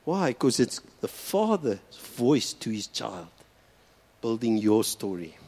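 Man, pastor, earnest sermon, emphatic repetition, mid-pitched voice. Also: very animated, slow, a little mellow. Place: church hall.

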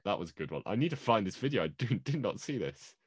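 A man's voice: on the low side, very animated, fast talker, slightly rough, no echo, studio quality. A man co-hosting a casual movie podcast, joking and playful, often laughing. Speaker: podcast co-host.

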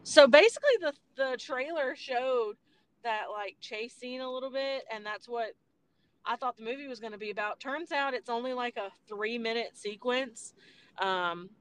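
A woman's voice: on the high side, normal speed, clean tone. A young woman hosting a podcast, casually retelling film scenes in a rambling way, with filler words and the odd swear. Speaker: podcast host. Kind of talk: casual movie chat. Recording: faint background noise.

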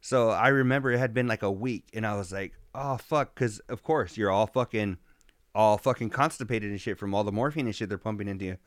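A man's voice: lowish voice, fast talker, dry recording, studio quality. A man in his thirties co-hosting a podcast, telling profane stories in casual chat. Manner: profane, storytelling, says "dog" a lot. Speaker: podcast co-host.

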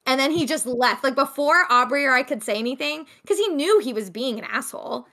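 A woman's voice: high-pitched, expressive, a little fast, sharp tone. A young woman co-hosting a podcast, animatedly retelling a cafe encounter with quoted dialogue. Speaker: podcast co-host. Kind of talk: casual storytelling.

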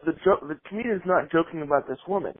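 A man's voice: on the high side, lively intonation, quick pace. A man with a somewhat raised voice, chatting easily as a podcast co-host. He agrees often and backs his partner up. The sound is thin and phone-like. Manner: agreeable, chiming in with frequent yeahs. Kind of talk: casual podcast chat. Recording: phone-like line.

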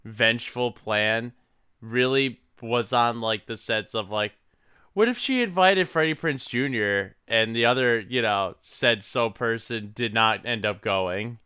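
A man's voice: medium pitch, unhurried, sharp tone, smooth, no room sound, clean studio sound. A man co-hosting a casual podcast, laid-back and joking crudely as he laughs through a movie recap. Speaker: podcast co-host.

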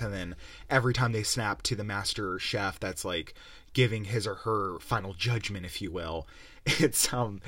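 A young male podcast host with a lowish voice, swearing freely and wandering off on sarcastic tangents. The sound is dry and close, with no room echo. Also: fairly bright tone. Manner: profane, rambling, sarcastic. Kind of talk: casual rant-style review.

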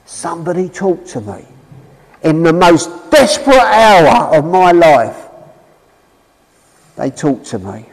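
A man preaching a sermon and telling his own story, emphatic, swinging from loud calls to low drawn-out words. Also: big-room sound, poor audio. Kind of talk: street preaching sermon with personal testimony.

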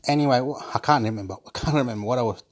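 A vlogger at home tells a rambling story into his phone in a rapid-fire, mid-range voice. He repeats himself, restarts sentences, and swears and laughs between phrases in this casual monologue.

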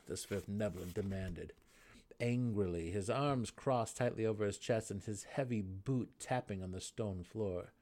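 A man narrating a dramatic fantasy audiobook reading in a measured, dramatic manner. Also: fairly low pitch, dark tone.

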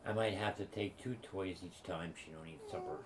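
Very deep-voiced older grandfather. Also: moderate pace. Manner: gruff teasing. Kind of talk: casual family dinner talk. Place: home at a dinner table. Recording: loud background noise at home.

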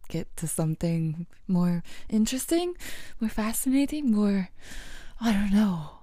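A woman's voice: mid-range voice, animated, a little slow, mellow, dry recording, studio quality. A young woman hosting a casual solo podcast, rambling and self-deprecating, often laughing and dropping into whispers. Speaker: podcast host.

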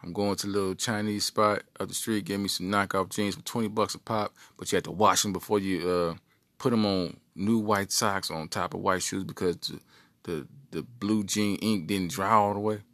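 A man, co-host of a podcast, telling an animated, joking story from his youth. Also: deep voice, moderate pace, no echo. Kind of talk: comic storytelling.

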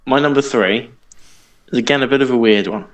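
A man's voice: medium pitch, brisk, poor audio. A young man co-hosting a podcast, ranting in exasperation about pet peeves with frequent laughter. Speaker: podcast co-host. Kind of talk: casual podcast chat.

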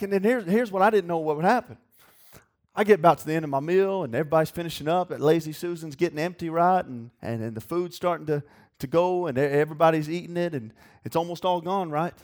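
A young man preaching a sermon, with a voice that sits a little high. He tells folksy stories and works himself up to excited shouts. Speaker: youth pastor preaching.

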